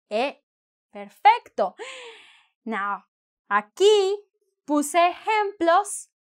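A woman teaching a bilingual lesson, deliberately, switching between English and with playful asides. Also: high voice, sharp tone. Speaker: Spanish teacher.

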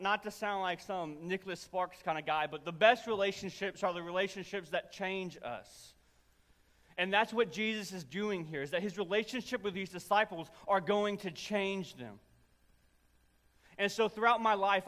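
Young male pastor, sharp bright tone, comic storytelling sermon, long church reverb. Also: sits high. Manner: humorous storytelling, animated and self-deprecating. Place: church sanctuary.

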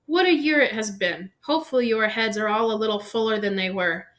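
A woman voicing a cheerful, whimsical old male headmaster who makes measured announcements. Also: mid-range voice, a bit bright, close to an everyday voice.

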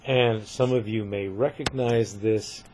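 Slow, methodical older male lecturer. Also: on the low side, fairly even intonation, a little mellow, slight background noise. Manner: methodical, often checking with "right?". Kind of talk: recorded poetry lecture.

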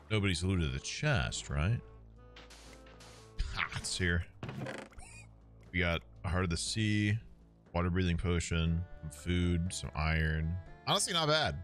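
A man with a lowish voice streams a game and chats to his viewers in a loose, casual way. His pitch swings widely as he gets excited, and he swears freely. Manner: excitable, swears a lot, talks to chat.

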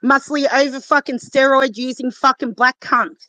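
A woman's voice: high-pitched, steady tone, moderate pace, sharp tone, no room sound, poor audio. A woman from Australia, calling into a live stream and swearing angrily through a heated argument. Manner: angry, swearing, hurling insults. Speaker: caller.

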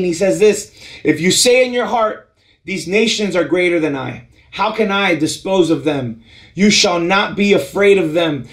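Earnest male pastor preaching to camera. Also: a little high. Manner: earnest, swings from bright emphasis to soft near-whispers. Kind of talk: sermon to camera. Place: filmed for an online church service.

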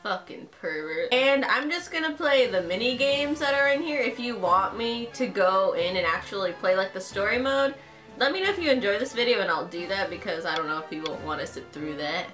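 A young woman narrates a dating-game playthrough in a casual, swinging voice that jumps all over her pitch range. She is excitable and crude, swears freely, and loud game music plays in the background. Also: a little fast. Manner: excitable, crude, profane fangirling. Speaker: gaming channel host. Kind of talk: casual let's-play commentary.

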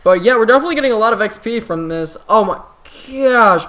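Excitable young-sounding man commentating gameplay. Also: sits high, quick pace. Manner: excitable, frequent exclamations and restarts. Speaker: gaming channel host.

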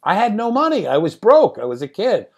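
A man's voice: sits high, huge pitch swings, brisk, creaky. A man in his sixties, a screenwriter and director, telling stories as an interview guest. He talks animatedly, laughs at his own stories and swears casually. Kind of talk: anecdotal interview storytelling.

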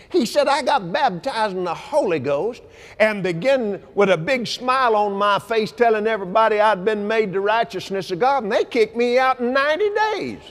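A man preaching a sermon at a convention, folksy and animated, sometimes shouting and leading the crowd in repeating lines. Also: high-pitched, normal speed. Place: large convention hall. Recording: long hall reverb.

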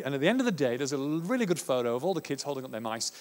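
Animated male conference speaker in a hall. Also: medium pitch, rapid-fire, hardly any pauses. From Australia. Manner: animated, acts out classroom scenes. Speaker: education speaker. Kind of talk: conference talk. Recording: reverberant hall.

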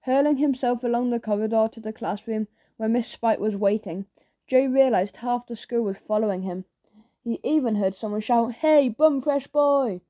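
A woman narrates a children's audiobook in a lively storytelling manner. Her voice is mellow and warm, and sits a little high. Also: normal speed.

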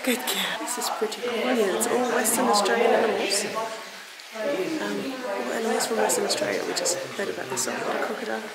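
A young woman with a fairly high voice, chatting in a cheerful, upbeat way as she vlogs her travels. She laughs easily and talks to her toddler now and then. A handheld camera picks her up outdoors, with a busy crowd of visitors clearly heard behind her. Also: a little fast, rough recording. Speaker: travel vlogger. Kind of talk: casual travel vlog chat. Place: outdoors at a beach and a busy reptile park.

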